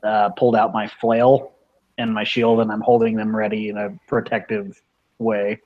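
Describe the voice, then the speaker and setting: A man's voice: fairly low pitch, flat delivery, moderate pace, highs cut off. A man playing a tabletop role-playing game, earnest with jokey in-character asides. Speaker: player.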